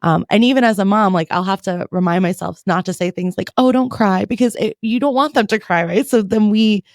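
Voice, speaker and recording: A woman's voice: medium pitch, brisk, no room sound, studio quality. A woman in her thirties, a therapist hosting a podcast interview, chatting casually and sharing parenting stories. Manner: conversational, shares parenting stories, frequent fillers.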